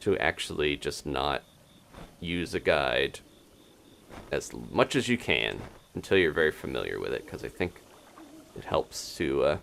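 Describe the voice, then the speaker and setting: A man's voice: very deep voice, big pitch swings, unhurried, creaky, pauses often, a bit bright, a little hiss or hum. A man streaming gameplay live, chatting casually to viewers and laughing often as he plays. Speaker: game streamer.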